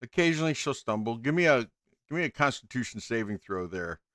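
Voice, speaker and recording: A man's voice: mid-range voice, expressive, a little fast, fairly bright tone, dry recording, clean studio sound. A man narrating as game master in a casual tabletop game, laid-back with frequent ums and chuckles.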